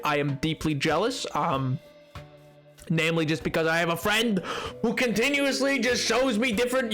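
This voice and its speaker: Young male game streamer, high and bouncy, chats and jokes with viewers, faint music underneath. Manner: joking, rambling, greets viewers with excited shouts. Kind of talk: casual livestream chat, reading chat aloud.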